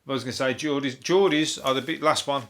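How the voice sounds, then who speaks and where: Speaking at an ordinary mid pitch with a fairly bright tone, a comedian host with a Birmingham accent rambles through a funny news roundup. He swears freely, laughs at his own jokes, and now and then drops into quick, silly impressions.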